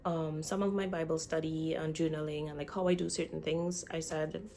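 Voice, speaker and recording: Chatty woman with a gravelly voice. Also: sits low, flat delivery, normal speed, dark tone, a little hiss or hum. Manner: chatty, talks straight to viewers as "y'all". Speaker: vlogger. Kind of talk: casual chat.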